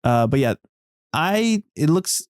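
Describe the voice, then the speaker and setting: A man's voice: on the high side, very animated, slow pace, no room sound, clean studio sound. A man hosting a casual talk show, rambling with fillers and restarts. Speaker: podcast host. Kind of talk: casual chat.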